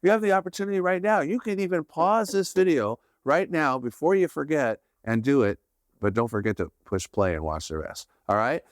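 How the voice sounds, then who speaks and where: A man's voice: a little high, animated, fairly quick, no echo, studio quality. A man hosting a podcast, giving a conversational faith teaching in an earnest tone, often checking in with "right?". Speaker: podcast host.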